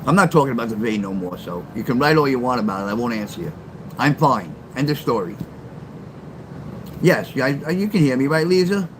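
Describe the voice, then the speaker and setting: A man's voice: medium pitch, very animated, a little fast, noisy background. An older man, telling blunt, profane street stories on a phone live stream. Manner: blunt and profane, acts out quoted lines loudly. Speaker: live-stream storyteller reading his memoir. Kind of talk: casual storytelling.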